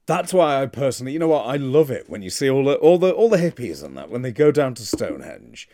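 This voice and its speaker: A man's voice: mid-range voice, sing-song, fast, dark tone. A man co-hosting a casual podcast chat, responsive and encouraging. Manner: responsive, encouraging, amused listener. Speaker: podcast co-host.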